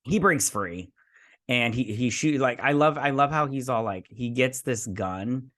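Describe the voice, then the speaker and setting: A man's voice: medium pitch, unhurried, a bit bright. A man hosting a casual episode recap and review, rambling through a loose play-by-play and adding his own sound effects. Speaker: host.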